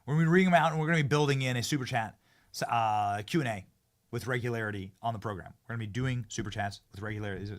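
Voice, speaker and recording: A man hosting a live-streamed talk show from a studio, speaking in excitable casual chat and often repeating and restarting his phrases as he hypes guests. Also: mid-range voice, racing. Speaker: political talk show host.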